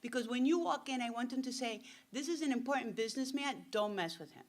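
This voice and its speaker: A woman's voice: a little high, fast talker, lightly acted. A woman doing an outraged, blustering male lawyer. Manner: loud and indignant.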